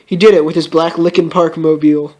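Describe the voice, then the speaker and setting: Young guy w a high voice hamming up a fanfic reading, shrill silly outbursts. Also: little pitch movement, brisk, darkish tone. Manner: mock-melodramatic, breaks into laughter, shrill put-on outbursts. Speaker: reader of a fan story. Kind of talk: comedic dramatic reading.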